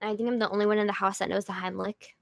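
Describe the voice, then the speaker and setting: A woman's voice: medium pitch, little pitch movement, rapid-fire, gravelly, no echo. A young woman hosting a casual livestream, chatting and rambling with jokey asides as she reads viewer comments. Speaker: livestream host.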